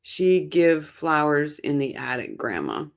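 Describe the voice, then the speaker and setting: A woman's voice: low-pitched, sing-song, unhurried, gravelly. A woman hosting a casual true crime stream, chatty and opinionated, talking to her chat on little sleep. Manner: chatty, opinionated, rambling with restarts. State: short on sleep. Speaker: true crime channel host. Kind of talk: casual live-stream chat reacting to chat comments.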